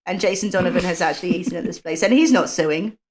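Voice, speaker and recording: A woman on a podcast telling a quick, light anecdote in casual chat. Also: lowish voice, over a noisy crowd. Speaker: podcast co-host.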